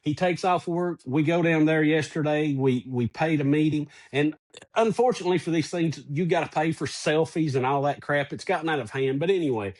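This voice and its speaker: A middle-aged man co-hosting a casual podcast, telling a personal story in an animated way. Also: fairly high pitch, a little fast. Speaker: podcast co-host.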